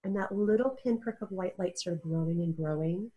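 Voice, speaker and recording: A woman's voice: fairly low pitch, normal speed, mellow, muffled recording. Earnest woman telling her story. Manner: earnest, searching, restarts mid-sentence. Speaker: interview guest. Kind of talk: casual interview talk. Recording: audio-only interview.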